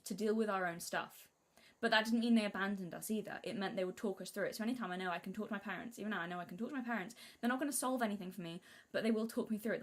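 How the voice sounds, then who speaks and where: A young woman from Britain talking casually on a live stream, rambling and restarting her sentences, sometimes acting out what she said as a child in a high voice. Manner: rambling, self-interrupting, acts out childhood quotes in a high voice.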